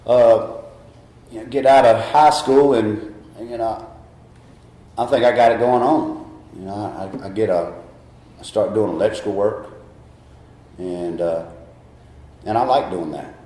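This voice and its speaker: A man's voice: lowish voice, unhurried, pauses often, dark tone, roomy sound. A middle-aged man with a Southern US accent gives a candid, rambling personal testimony at a recovery meeting, often laughing at himself.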